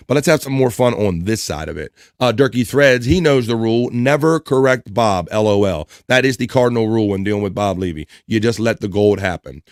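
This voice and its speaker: A man hosting a casual livestream chats and reads viewer comments aloud, laughing often. His medium-pitched voice comes through with clean studio sound and no room echo.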